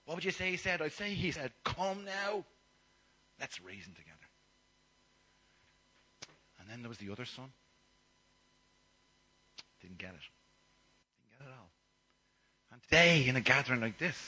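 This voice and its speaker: A man preaching a sermon, telling the story with animated shifts from loud to near-whispered asides. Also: fairly high pitch, moderate pace, long pauses, slightly rough, rough recording.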